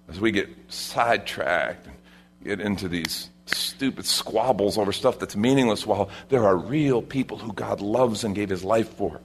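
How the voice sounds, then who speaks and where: A man with a low, husky voice delivers a sermon as pastor. He keeps it conversational, stepping aside to talk straight to the congregation between readings. His tone stays rough and lower than most men's. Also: moderate pace.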